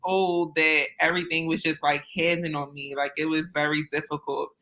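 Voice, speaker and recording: Bright-voiced woman telling her story. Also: low-pitched, level tone, normal speed, rough recording. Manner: earnest and candid, casual speech with fillers. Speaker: interview guest, business owner. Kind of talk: personal storytelling in conversation.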